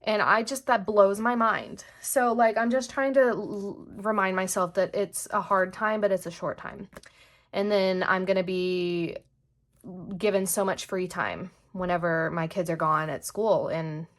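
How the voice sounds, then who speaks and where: A young woman talking to camera from her desk at home in a loose, chatty vlog. Her speech rambles, dotted with "like" and quick asides. Her pitch sits at a typical middle for a woman. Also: fairly even intonation. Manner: rambling, filler-heavy with frequent "like". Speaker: planner vlogger and mom.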